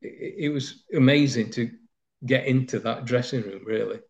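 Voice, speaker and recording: A man's voice: mid-range voice, moderate pace. A man, recalling his footballing days in a rambling, anecdotal interview with many fillers. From Nottinghamshire, England. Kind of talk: reminiscing interview. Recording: slightly dull lo-fi sound.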